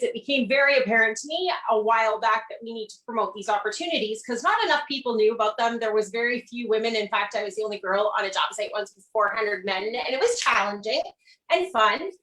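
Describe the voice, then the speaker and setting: A woman ironworker appears as a guest on a casual video-call interview, talking enthusiastically and laughing often. Her voice is a little high, fast, bright, and forceful, and the recording has a roomy echo.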